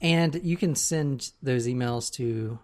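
A woman's voice: a bass voice, takes it slowly, darkish tone. A woman hosting a true crime podcast, chatting casually with friends and laughing often. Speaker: podcast host, storyteller. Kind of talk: casual chat.

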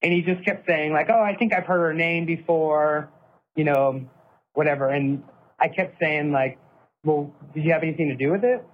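A man tells his own story in an earnest, steady way, quoting what he and others said. His voice sits a little high for a man and comes through a narrow, tinny line like a phone call. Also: normal speed. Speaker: interviewee recounting events. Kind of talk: personal account, clip played on a podcast.

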